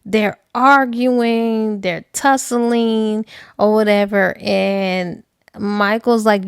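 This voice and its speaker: A woman recapping a novel in a casual, animated, slangy storytelling style. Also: mid-range voice, extremely slow, smooth, dry recording, clean studio sound. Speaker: book reviewer. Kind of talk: casual book review recap.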